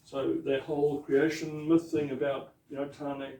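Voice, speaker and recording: A man, a pastor teaching te reo Māori in a chatty lesson, with laughing asides and slow repeated words to drill pronunciation. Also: fairly high pitch, level tone, mellow, recorded from a distance. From New Zealand. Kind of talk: informal language lesson. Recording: echoey room, voice off mic.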